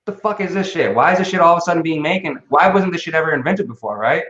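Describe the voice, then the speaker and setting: A man's voice: on the high side, expressive, rapid-fire, a bit bright. Profane, rambling man on a lo-fi stream. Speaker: livestream co-host. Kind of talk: casual livestream chat. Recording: lo-fi roomy online stream audio.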